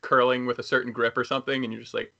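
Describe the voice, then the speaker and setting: A male podcast host with a gravelly, bright, tense edge to his voice chats agreeably and restarts his phrases now and then. The sound comes through dull and lo-fi. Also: medium pitch, little pitch movement, racing. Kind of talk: casual podcast interview.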